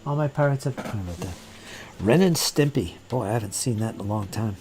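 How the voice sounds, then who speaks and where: A man with a lively, up-and-down voice chats casually on a live stream while crafting. He mutters to himself about his work and reads viewer comments aloud, in a home hobby space with faint music playing behind him. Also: fairly low pitch, fairly quick. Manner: chatty, muttering to himself while working, reading chat aloud. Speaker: hobby channel host.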